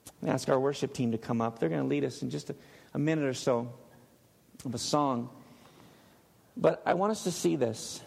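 A male pastor preaching a sermon in a church, emphatic and dropping to a hush on key words. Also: medium pitch, a little fast, vocal fry, pauses often, husky. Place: church sanctuary. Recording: long hall reverb.

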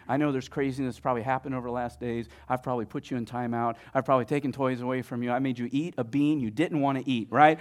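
A man in his thirties preaching a sermon as a pastor, telling stories conversationally and swinging from booming lines to hushed, near-whispered ones. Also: fairly even intonation, fast, few pauses. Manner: conversational, many fillers like "like" and "right".

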